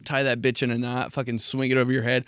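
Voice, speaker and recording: A man's voice: medium pitch, completely flat delivery, fast talker, a bit bright, clear, resonant tone, no echo, studio quality. A young man hosting a solo podcast, telling rambling, profane stories and laughing at his own jokes. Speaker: podcast host. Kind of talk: casual solo podcast monologue.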